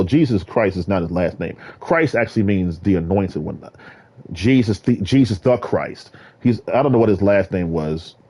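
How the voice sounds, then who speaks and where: In a solo vlog, a man with a mid-range voice rambles through a monologue, hopping from topic to topic and breaking into sudden, excited exclamations.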